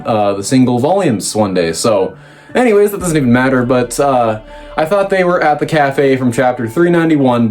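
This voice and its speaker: A man hosting a casual manga review, rambling with fillers and restarts and jumping up in pitch when he quotes characters. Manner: lively, pitch jumps up when quoting characters. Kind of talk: casual recap commentary.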